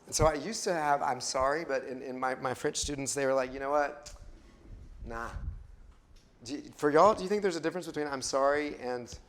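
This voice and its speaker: A man's voice: mid-range voice, fairly quick. Man teaching a class, questioning the group. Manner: conversational, asks the group questions, often restarts phrases. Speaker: Bible study teacher.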